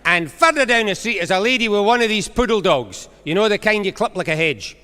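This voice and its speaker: A Scottish man doing a stand-up comedy monologue on stage, telling jokes and acting out quick exchanges. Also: high voice, expressive, pushed and bright. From Scotland. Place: large concert hall on stage. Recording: live hall recording with long reverb.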